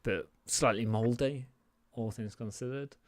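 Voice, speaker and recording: A man's voice: medium pitch, measured pace, no echo. A man narrating a tabletop game as game master, rambling with lots of fillers as he describes scenes.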